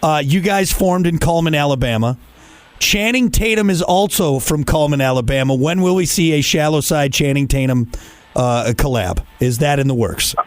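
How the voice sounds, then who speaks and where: A man's voice: on the high side, normal speed, dry recording. A man with a northern Midwest accent hosting a rock podcast interview, playful and laughing often. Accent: Upper Midwest US. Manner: playful, laughs often, repeats lines for effect. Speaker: radio podcast host. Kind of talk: casual interview.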